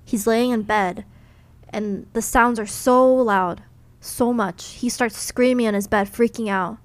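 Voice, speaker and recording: A woman's voice: on the high side, fairly even intonation, measured pace, no echo. A young adult woman, a podcast co-host, casually retelling a ghost story in a chatty way, full of "like" and "you know.".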